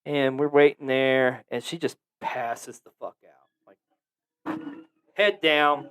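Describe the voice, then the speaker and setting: A man's voice: medium pitch, fairly even intonation, slow, a bit bright, clear, resonant tone. A man hosting a podcast, telling a story in a casual, profane, joking way. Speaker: podcast host.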